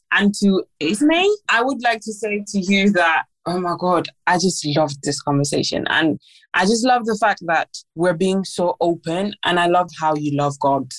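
A woman's voice: lowish voice, fairly bright tone, rough recording. A young woman guest on a podcast, chatting casually and gushing with enthusiastic praise.

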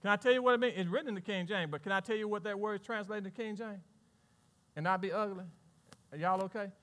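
A male pastor preaching a sermon. He asks the congregation questions and swings between loud, rising lines and hushed asides. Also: high voice, fast.

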